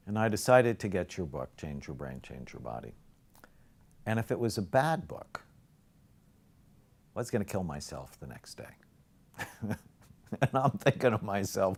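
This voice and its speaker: A man lecturing as a brain health teacher, telling patient stories in an animated way that swings from loud emphasis to soft near-whispers. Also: low-pitched. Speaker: psychiatrist lecturer. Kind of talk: storytelling lecture.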